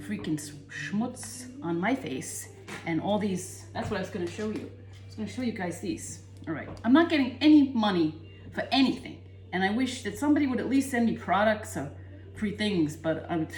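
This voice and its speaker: A woman's voice: mid-range voice, a little mellow, close to an everyday voice. A woman doing a brassy rambling Jersey gal. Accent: New Jersey. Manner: rambling, jumps between tangents, brash. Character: brassy chatty Italian-American Jersey woman, tangent-prone. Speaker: cooking show host. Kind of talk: comic character monologue. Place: home kitchen. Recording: echoey home kitchen.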